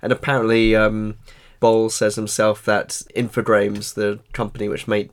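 A man's voice: lowish voice, level tone, moderate pace. A man co-hosting a casual film podcast, dry and wry, reading quotes aloud. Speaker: podcast co-host.

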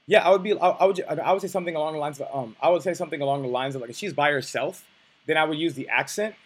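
Fast-talking husky blunt young man coach. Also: fairly high pitch. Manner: blunt, profane, restarts often. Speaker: dating coach. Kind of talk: casual coaching explanation.

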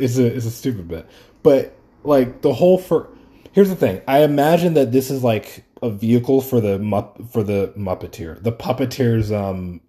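A man's voice: medium pitch, warm tone. Rambling, profane young man. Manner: rambling, profane, self-correcting. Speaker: podcast host. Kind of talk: casual solo monologue. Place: room at home. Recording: roomy echoey room.

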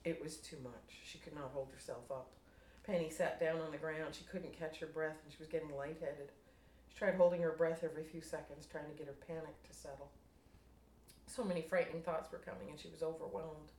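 Woman writer reads own story, low voice, echoey room off-mic. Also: steady tone, brisk, darkish tone. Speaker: writer reading her story. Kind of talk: reading her own fiction aloud. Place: room at a writers' group meeting. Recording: roomy room, distant mic, faint noise.

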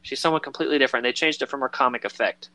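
Rambling man with a bright voice. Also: mid-range voice, racing, dry recording. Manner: rambling, filler-heavy, acts out quoted lines in voices. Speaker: podcast co-host. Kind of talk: casual chat about a film.

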